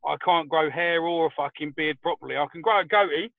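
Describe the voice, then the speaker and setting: Give me a high-pitched, foul-mouthed man over a thin, phone-like line, spinning chatty anecdotes. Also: fairly quick, creaky, no room sound. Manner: swears freely, animated anecdotes. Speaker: podcast co-host. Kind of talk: casual chat.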